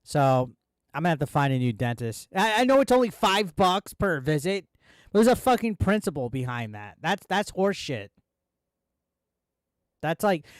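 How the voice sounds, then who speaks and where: A man's voice: on the high side, no room sound, clean studio sound. A man ranting on a casual live stream, heated, swearing a lot and repeating himself. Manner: profane, heated ranting with filler words.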